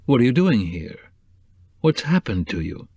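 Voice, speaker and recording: A man voicing a calm, kindly middle-aged male newspaperman who speaks in a reassuring way. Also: medium pitch, unhurried, breathy edge, no room sound, heavily acted. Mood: concerned.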